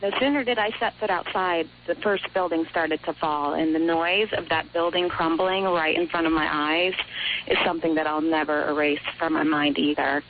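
Halting woman caller on a phone line. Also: low-pitched, fairly even intonation. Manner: halting, reflective, emphatic pauses. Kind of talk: call-in recollection. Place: phone call into radio show. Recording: phone line with faint noise.

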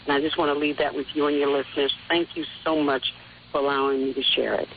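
A woman from Harlem, New York City, calling in to a radio show to tell a heartfelt story with warm earnestness. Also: deep voice, little pitch movement, fast talker. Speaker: caller. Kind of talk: call-in storytelling. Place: phone call into radio show. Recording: phone line with faint noise.

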